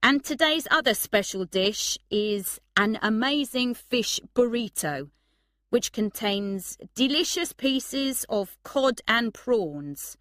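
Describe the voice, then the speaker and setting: A woman's voice: fairly high pitch, animated, takes it slowly, fairly bright tone, dry recording, studio quality, voice pushed up. A woman voicing a tired male restaurant manager in a storybook reading. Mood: announcing.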